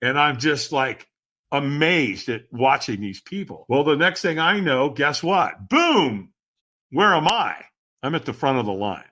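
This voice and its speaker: Animated, bright-voiced male storyteller. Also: medium pitch, normal speed. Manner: lively, dramatic, keeps addressing the host. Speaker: podcast guest.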